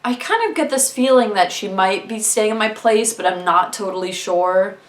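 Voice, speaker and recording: A young woman telling a comic story about her roommate in a halting, flat way, with bursts of mock outrage. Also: mid-range voice. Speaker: comedic storyteller. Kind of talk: deadpan comedic storytelling. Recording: roomy echo with faint music.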